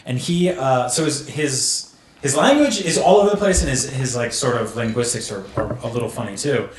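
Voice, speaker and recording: A man's voice: mid-range voice, expressive, moderate pace, roomy sound, a little hiss or hum, low-quality recording. A man hosting a comedy podcast, joking and telling stories in casual chat. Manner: joking, tells anecdotes. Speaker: podcast host.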